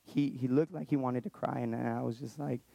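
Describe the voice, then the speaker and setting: A man in his thirties tells a personal story, earnest and halting, often circling back to restart a thought. His voice is mellow and warm. The sound is dry and close, with no room around it. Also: mid-range voice, steady tone, gravelly, no room sound, dull audio. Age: 30s. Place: Texas, around Austin.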